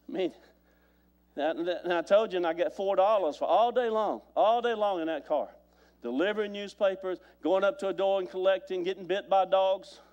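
A man's voice: high voice, a little mellow, muffled recording. A man preaching a sermon as pastor, telling stories with repeated phrases and stammered restarts.

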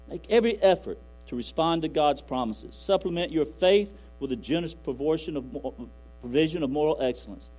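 A man's voice: fairly high pitch, fairly quick, darkish tone, poor audio. Folksy preacher man. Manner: folksy, rambling, quotes scripture aloud. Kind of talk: sermon. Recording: faint music and mains hum.

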